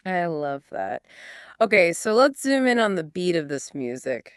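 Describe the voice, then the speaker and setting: Woman co-host asking eager questions, smooth voice, dry close sound. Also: fairly low pitch, big pitch swings, a little slow, dry recording. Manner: curious, asks follow-up questions. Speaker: podcast co-host. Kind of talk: scripted teaching dialogue.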